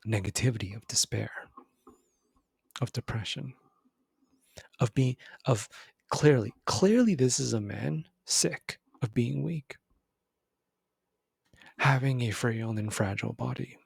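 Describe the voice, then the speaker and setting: A young man talks through casual self-improvement advice in a gravelly, slightly husky voice. He rambles and corrects himself as he goes, tossing in "bro" like he's chatting with a friend. The sound is dry and close, with no room around it. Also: mid-range voice, expressive, a little slow, long pauses, no echo. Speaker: self-improvement video host. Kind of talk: casual motivational talk.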